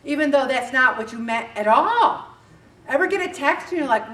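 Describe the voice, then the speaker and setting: A middle-aged woman leading a faith-based weight loss group, talking in an animated way and acting out bits of dialogue. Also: high voice, normal speed. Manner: animated, acts out dialogue with voices. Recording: echoey room, distant mic, faint background noise.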